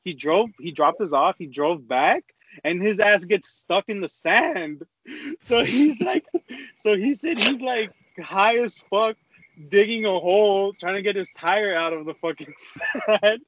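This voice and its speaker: A man's voice: high voice, lively intonation, unhurried, fairly bright tone. A young man telling a rambling, slang-heavy story in casual chat, with lots of swearing. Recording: dull lo-fi dry recording.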